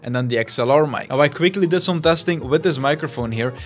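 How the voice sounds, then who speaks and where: A man's voice: a little high, fast talker, faint music behind. A young man talking casually and with enthusiasm as he reviews and sets up gear at a home studio desk on a studio microphone. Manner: enthusiastic, chatty, explains while handling gear. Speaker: tech YouTuber.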